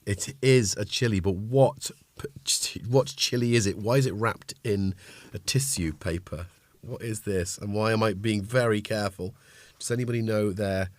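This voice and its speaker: A man's voice: on the low side, fairly even intonation, moderate pace, dry recording. A man hosting a livestream, chatting casually and rambling between synth gear and viewers, often breaking off mid-sentence. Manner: rambling, self-interrupting, chatty. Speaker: livestream host. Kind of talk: casual chat while playing synths.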